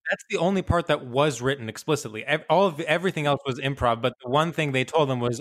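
A man hosting a casual podcast, with campy jokes and deadpan asides. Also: fairly high pitch, fast talker. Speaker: podcast host.

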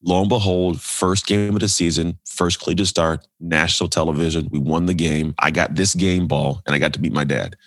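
A man with a low, slightly husky voice talks quickly and animatedly, telling a personal story as a podcast guest. He slips into other people's voices as he quotes them. The sound is close and dry. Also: fairly even intonation, dry recording. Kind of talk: storytelling in a casual interview.

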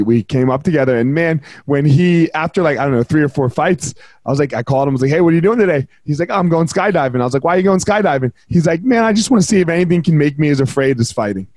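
Fast-talking podcast host, dry sound. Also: male voice, a little high, darkish tone, no room sound. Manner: quick, laid-back, laughs along. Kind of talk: casual chat.

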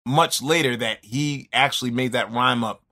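Brief: bright, clear-toned man, rambling reflective storyteller. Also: medium pitch, normal speed. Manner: rambling, reflective, many restarts. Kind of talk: casual storytelling chat.

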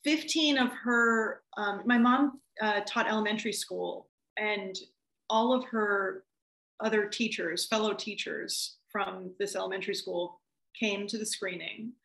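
A woman film director talking casually in an interview, animated and laughing as she acts out what people said. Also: mid-range voice, measured pace, vocal fry, reverberant, rough recording.

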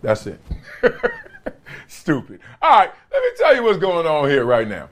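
A man's voice: fairly high pitch, wildly swooping pitch, measured pace, a bit bright. A young adult man hosting a podcast in casual, slangy sports talk, laughing between jokes. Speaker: podcast host.

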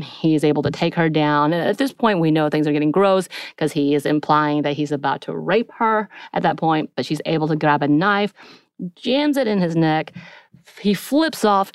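Young woman podcast co-host recounting scenes and voicing the characters' lines; low, smooth voice, dry close sound. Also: no echo. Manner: retells scenes, acting out character quotes. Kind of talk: casual episode recap.

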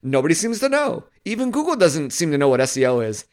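A man's voice: a little high, sing-song, quick pace. A man reading out a script as a baffled, whiny male stand-up comic, asking question after question. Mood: exasperated. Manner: exasperated, rising questions.

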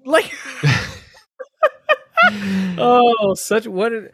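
A woman's voice: on the high side, very slow, no room sound, clean studio sound. A woman co-hosting a movie podcast in casual chat, acting out scenes and swearing. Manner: animated, acts out scenes, profane. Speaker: podcast co-host.

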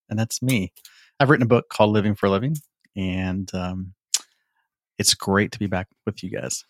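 Low-voiced man, earnest podcast co-host. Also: steady tone, normal speed, long pauses, no room sound, studio quality. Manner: earnest, stumbling over words. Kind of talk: casual podcast chat.

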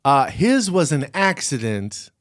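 Brief: man co-host, dry sarcasm, animated pitch, close dry mic. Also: unhurried, dry recording. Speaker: podcast co-host. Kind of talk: casual banter.

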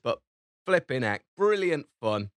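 A man's voice: mid-range voice, unhurried, dry recording, clean studio sound. A man in his forties, co-hosting a podcast in casual chat, telling stories with lots of laughter. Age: 40s. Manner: animated, laughing storyteller. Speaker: podcast co-host.

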